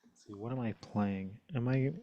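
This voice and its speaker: A man chatting casually about library books as a streamer, often correcting himself and trailing off into quiet mumbles. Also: fairly low pitch, normal speed, muffled recording, slight background noise. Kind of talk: casual rambling chat.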